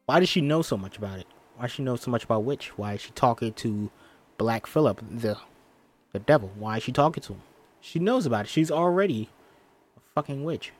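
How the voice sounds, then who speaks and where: A man's voice: mid-range voice, animated, brisk. A man reading a film script aloud for viewers, narrating stage directions and chatting casually with a lot of swearing. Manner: profane, laughing often.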